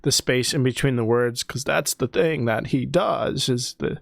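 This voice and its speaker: A man's voice: medium pitch, measured pace, creaky, dry recording, studio quality. A man hosting a podcast, asking earnest questions and encouraging his guest. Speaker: podcast host. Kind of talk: casual podcast chat.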